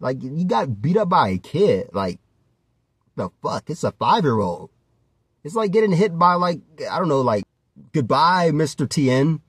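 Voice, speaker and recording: Husky, animated man vlogging casually. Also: on the high side, normal speed, no echo, studio quality. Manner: animated, laughs often, swears freely. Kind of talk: rambling casual commentary.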